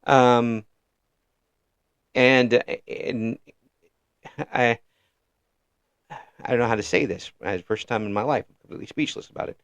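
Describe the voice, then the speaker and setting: A man from Illinois with a Midwestern American accent, hosting a casual interview and talking in halting, restarting phrases with frequent chuckles. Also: mid-range voice, dry recording. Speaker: interview host.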